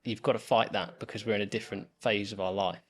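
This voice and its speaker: A man's voice: lowish voice, steady tone, fast. A man, talking through his story as a guest on a podcast interview. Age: 30s. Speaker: property investor guest.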